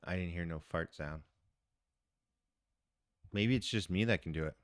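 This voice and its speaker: A man's voice: low voice, measured pace, no echo, studio quality. A man live-streaming from his phone in a casual, chatty way, talking to the viewers in the chat. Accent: Canadian English.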